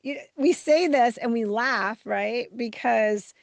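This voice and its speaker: A woman's voice: a little high, slow pace, gravelly, no echo. A woman hosting a podcast interview, chatting in a rambling, easygoing way as she sets up her questions. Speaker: podcast host. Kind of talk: casual interview.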